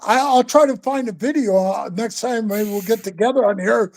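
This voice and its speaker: A man in his sixties telling stories in a casual chat, animated and profane, calling the host bro and man all the time. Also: high voice, normal speed. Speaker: guest storyteller. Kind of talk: casual storytelling.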